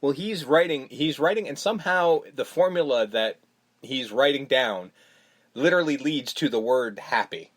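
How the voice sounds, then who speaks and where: A man chatting on a film podcast at a middle pitch, his voice rising and dipping a lot as he tells the story. He swears freely and slips into quick put-on voices for the characters. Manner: animated, profane, retells scenes with quick put-on voices. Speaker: podcast co-host. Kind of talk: casual film discussion podcast.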